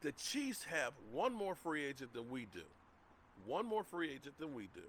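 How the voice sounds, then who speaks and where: A man's voice: on the high side, very animated, normal speed, fairly bright tone, a little hiss or hum. A middle-aged man hosting a sports livestream, ranting heatedly and repeating himself as he gets worked up. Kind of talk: heated rant.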